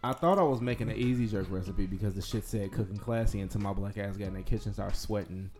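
A man with a fairly low voice co-hosts a casual podcast. He tells his stories in a dry, teasing, laid-back way. Faint music plays softly underneath. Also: fast. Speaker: podcast co-host. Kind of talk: casual chat.

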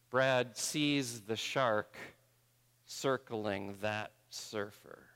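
A man's voice: on the low side, gravelly, fairly bright tone. A man preaching a sermon, moving between impassioned appeals, prayer and vivid storytelling. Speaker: pastor. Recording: long hall reverb.

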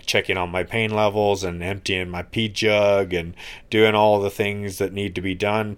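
A man co-hosting a podcast, recovering from an injury, speaking in a slow, reflective and earnest way. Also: low-pitched. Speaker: podcast co-host. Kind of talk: casual podcast chat.

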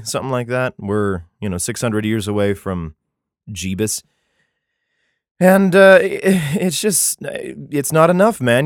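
A man's voice: mid-range voice, no room sound, clean studio sound. A man reading scripture aloud and mocking it between passages, profane and sarcastic, often chuckling. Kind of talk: irreverent commentary on a scripture reading.

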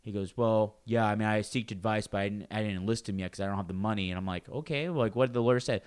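A man's voice: fairly low pitch, fast talker, smooth. A man in casual chat, telling a long work story with lots of acted-out quotes and swearing. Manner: animated storytelling, swears freely, acts out coworkers' lines.

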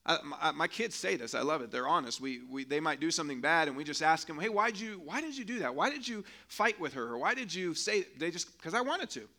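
Middle-aged guy pastor preaching casually, high bright voice, keeps asking the crowd questions. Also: expressive, fairly quick, few pauses. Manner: conversational preaching, acts out quotes and asks rhetorical questions. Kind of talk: sermon.

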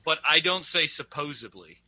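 A man's voice: fairly high pitch, moderate pace. A man whose first language is Afrikaans, co-hosting a podcast in casual, ranting banter. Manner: animated, ranting. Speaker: podcast co-host.

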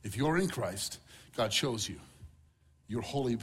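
Husky-voiced pastor preaching earnestly. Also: male voice, medium pitch, animated, unhurried, long pauses. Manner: earnest, repeats key words with emphasis. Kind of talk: sermon.

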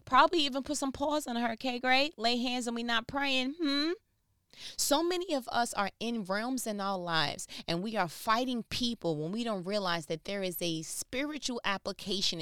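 A woman preaching in a slightly high voice, loose and full of slang, often stopping to ask her listeners questions. The sound is dry and close, with no room echo. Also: expressive, normal speed, fairly bright tone, smooth. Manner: conversational, slangy, asks the audience questions. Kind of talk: animated sermon.

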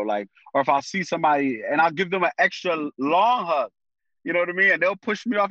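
Slangy, animated man on a dry, dull line. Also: a little high, fast, dry recording. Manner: animated, full of street slang like "yo" and "bro"; thinks aloud with fillers and restarts. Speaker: guest. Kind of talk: casual conversation.

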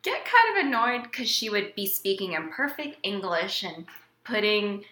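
A woman's voice: medium pitch, sing-song, moderate pace, sharp tone. A woman guest in a casual chat, talking with lots of fillers and trailing off. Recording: roomy echo.

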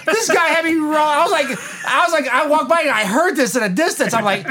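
Man, podcast co-host, casual chat, lively swooping pitch, swears a lot, laughs while talking. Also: a little fast, hardly any pauses, background noise. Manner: animated storyteller, swears a lot, laughs mid-sentence.

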